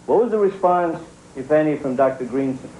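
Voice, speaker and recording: Male interviewer, dark mellow tone, short direct questions. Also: fairly high pitch, lively intonation, fairly quick, a little hiss or hum, rough recording.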